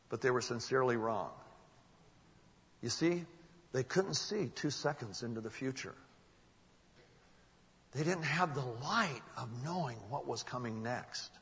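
A man preaching a sermon, telling a story in an earnest, emphatic way and dropping to a hush at solemn moments. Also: mid-range voice, lively intonation, measured pace, long pauses, in a large hall.

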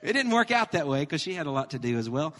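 Male pastor, sermon, bright voice, animated and humorous, long church reverb. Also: on the high side, quick pace. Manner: animated, humorous, emphatic preaching. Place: church sanctuary.

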